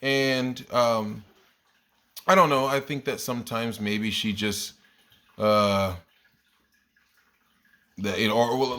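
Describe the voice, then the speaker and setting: A man's voice: medium pitch, a bit bright. A man who teaches kindergarten, telling stories about his class in a casual video diary, rambling and correcting himself and laughing at his own stories. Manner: rambling, self-correcting storyteller.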